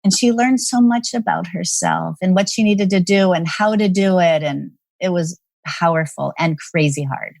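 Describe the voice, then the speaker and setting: A woman's voice: lowish voice, normal speed, vocal fry, hardly any pauses, no room sound. A woman guest, a parenting expert, telling stories in a podcast interview and acting out the voices in her quotes. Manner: animated storyteller who acts out quotes.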